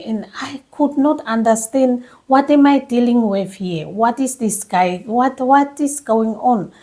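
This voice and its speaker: Woman telling her story, mellow voice. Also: a little high. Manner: emotional, animated retelling with many restarts. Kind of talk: personal storytelling.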